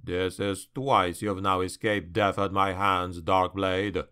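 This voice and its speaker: A proud male dark elf warlord, sneering and imperious, voiced by a man reading a fantasy audiobook. His voice sits low and crisp, with an unhurried, contemptuous drawl. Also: little pitch movement, full character voice. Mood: scornful.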